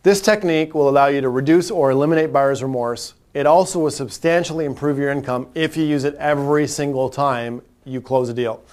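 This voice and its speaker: A man teaching car sales technique, talking directly and acting out quick salesman and customer exchanges. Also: medium pitch, a little mellow. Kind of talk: sales training talk with role-play examples.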